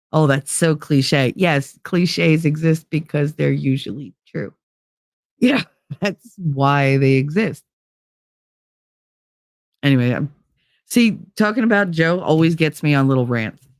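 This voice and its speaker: A woman's voice: low-pitched, no echo, studio quality. A woman in her fifties hosting a live-stream, ranting bluntly and emphatically with frequent profanity while reading out viewer comments.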